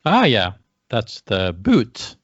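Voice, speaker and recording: A man's voice: lowish voice, huge pitch swings, slow, dry recording. A British man co-hosting a casual chat, musing aloud and answering with questions back. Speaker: podcast co-host. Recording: dry, dull lo-fi audio.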